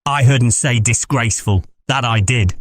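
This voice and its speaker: A man doing a slow rustic innkeeper. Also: mid-range voice, no room sound, clean studio sound, close to an everyday voice. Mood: puzzled. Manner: blunt, drawling dialect. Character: slow rustic middle-aged male innkeeper.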